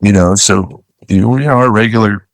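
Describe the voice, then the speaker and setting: A man's voice: lowish voice, moderate pace, no echo. A man, a charter fishing captain, telling stories in a casual, laid-back way and acting out what people said. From Florida. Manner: laid-back, says "dude" and "you know" a lot, acts out quotes. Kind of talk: casual storytelling.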